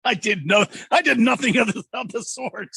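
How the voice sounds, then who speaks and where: A male radio co-host trading quick jokes in casual banter. His voice is bright and a little husky, sitting slightly high, and the studio sound is dry. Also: lively intonation, no echo.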